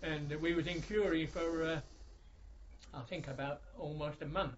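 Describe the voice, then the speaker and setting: A man's voice: a little high, steady tone, moderate pace. An older man, a veteran recalling his service in a rambling, meandering oral-history interview. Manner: rambling, with many fillers and restarts. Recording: dull lo-fi recording.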